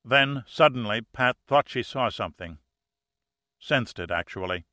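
A man narrating an audiobook in a measured, suspenseful way. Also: medium pitch, expressive, sharp tone, dry recording, clean studio sound. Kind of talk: scripted narration.

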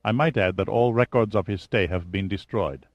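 A man's voice: on the low side, normal speed, no room sound, lo-fi sound, lightly acted. A man voicing a nervous, servile hospital doctor in an audiobook, speaking carefully and in a subdued way. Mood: uneasy deferential. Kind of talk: audiobook character reading.

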